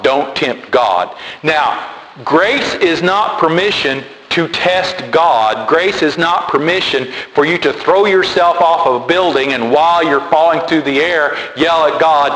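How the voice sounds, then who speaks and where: A man preaching a sermon, animated and emphatic, repeating key words. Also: on the high side, slow. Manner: animated, repetitive emphatic delivery. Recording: echoey hall with faint noise.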